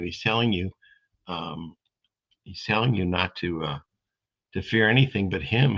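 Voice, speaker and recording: Gravelly low-voiced man rambling on a stream. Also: fairly bright tone. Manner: rambling, folksy, reads viewer comments aloud. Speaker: streamer host. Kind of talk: casual live-stream chat. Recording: dull lo-fi stream audio.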